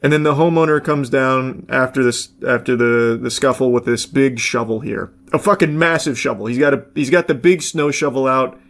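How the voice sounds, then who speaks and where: A man's voice: mid-range voice, normal speed, few pauses, a bit bright. A man reacting to a clip in casual, rambling commentary, swearing freely and filling gaps with "like" and "uh". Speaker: commentary YouTuber.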